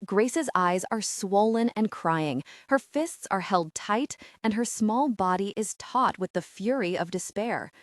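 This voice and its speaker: Female audiobook narrator, animated storytelling voice, dry booth recording. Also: mid-range voice, a little slow, few pauses, dry recording. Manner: expressive, varied character reading. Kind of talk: scripted narration.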